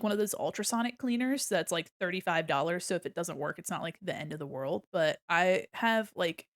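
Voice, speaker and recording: Chatty woman streamer with a lively voice. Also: lowish voice, dry recording, studio quality. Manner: chatty, playful, drifts into hums and silly sounds. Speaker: art streamer. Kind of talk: casual live-stream chat while drawing. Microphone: desk mic on a mic arm.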